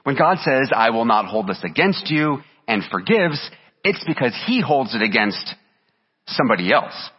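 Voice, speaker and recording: A man's voice: mid-range voice, sing-song, moderate pace, slightly rough, long reverb tail, highs cut off. A man preaching a sermon as pastor, reading scripture aloud with earnest emphasis.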